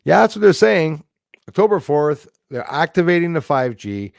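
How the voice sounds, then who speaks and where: Gravelly ranting livestream man in his forties. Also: on the high side, very animated, moderate pace, dry recording, clean studio sound. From Canada. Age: 40s. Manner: ranting, opinionated, laughs between remarks. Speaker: livestream host. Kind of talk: casual live-stream chat reading viewer comments.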